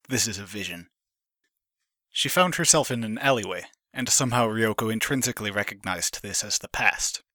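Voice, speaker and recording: A man narrates a story in a steady, measured read, with a somewhat low voice. His tone is bright and forceful. The sound is dry and close, with no room around it. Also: no room sound. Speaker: fan fiction reader. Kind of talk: scripted narration.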